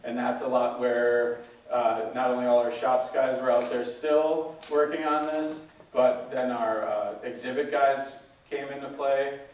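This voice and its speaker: A man gives a relaxed zoo talk, full of fillers, in a flat, even voice. He stands well back from the microphone, and the large hall adds a heavy echo. The result sounds roomy and distant. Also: mid-range voice, unhurried. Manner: relaxed, chatty, with many fillers. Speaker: zoo staff speaker. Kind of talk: casual public talk.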